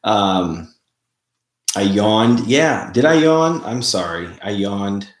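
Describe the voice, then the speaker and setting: A man hosting a casual live stream, chatting in a relaxed way and greeting viewers by name. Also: fairly low pitch, slow. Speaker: livestream host. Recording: roomy, echoey room sound.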